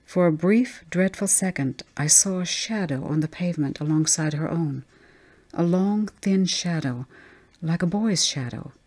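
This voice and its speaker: A woman reading a ghost story aloud as an audiobook narrator, measured and tense. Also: lowish voice, darkish tone.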